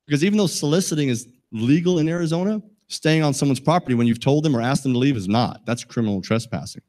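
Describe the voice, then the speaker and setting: A man's voice: a little high, fast talker, darkish tone. A middle-aged man giving a safety talk to a live audience, folksy and joking, asking the listeners questions. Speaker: safety presenter.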